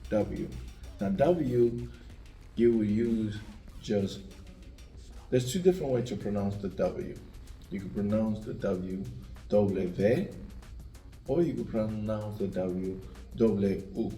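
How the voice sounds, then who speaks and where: A man, teaching the alphabet by slowly repeating each letter sound. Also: on the low side, mellow, soft background music. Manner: slow, repetitive letter drilling. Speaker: language teacher. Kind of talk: spelling out the Spanish alphabet. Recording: echoey room, mic at a distance.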